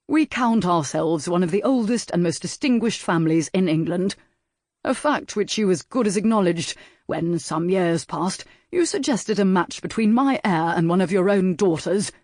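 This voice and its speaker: A man reading an audiobook and voicing a stern aristocratic father with firm, measured speech. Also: high-pitched, a little mellow, no echo, clean studio sound, close to an everyday voice.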